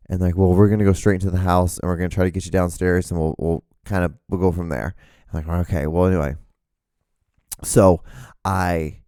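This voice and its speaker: A man's voice: low voice, mellow, no echo, clean studio sound. A man in his thirties telling a rambling, profane personal story on his solo podcast, with many restarts. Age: 30s. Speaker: podcast host.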